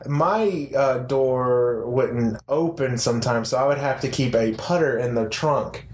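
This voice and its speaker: A man's voice: medium pitch, a little slow. A man co-hosting a podcast, telling rambling stories in casual chat. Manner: rambling animated storyteller. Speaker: podcast co-host. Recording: roomy echo.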